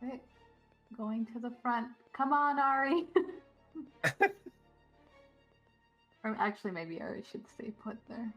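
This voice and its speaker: Slow-talking woman playing a tabletop game. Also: fairly high pitch, lo-fi sound, faint music behind. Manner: unhurried, laughing easily. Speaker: player. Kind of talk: casual tabletop play.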